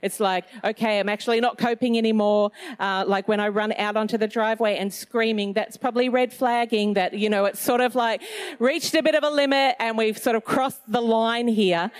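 A middle-aged woman giving a casual Christian talk, chatty and self-mocking, with loose phrasing and plenty of fillers. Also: a little high. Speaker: Christian speaker.

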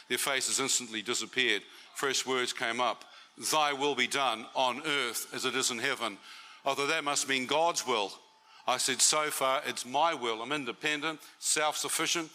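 Aussie guy preaching his testimony, really bright voice, chatty, keeps asking the crowd stuff. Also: medium pitch, normal speed. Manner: conversational, asks the audience questions. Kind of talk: testimony sermon. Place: church meeting.

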